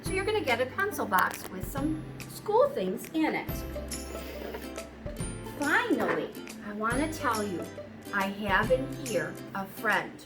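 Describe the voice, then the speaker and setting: A woman teacher speaking gently and slowly to small children in a welcome video. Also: a little high, sing-song, music in the background. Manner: gentle, sing-song, slow for small children. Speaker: kindergarten teacher. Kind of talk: welcome video and read-aloud for young children.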